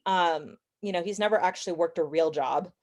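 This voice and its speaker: A young adult woman chatting as a podcast guest, opinionated and talkative, with quick asides and self-corrections. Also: fairly low pitch, darkish tone. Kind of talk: casual interview chat.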